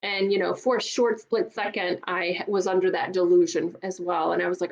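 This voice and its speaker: A woman's voice: on the low side, little pitch movement, normal speed, muffled recording. A middle-aged woman coach giving an earnest, emphatic motivational talk, often repeating words for stress. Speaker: divorce coach.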